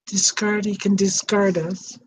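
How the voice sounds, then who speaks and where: A woman's voice: mid-range voice, flat delivery, measured pace, a little hiss or hum, low-quality recording. An older woman hosting an advice talk, speaking in an earnest, reflective way. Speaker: host.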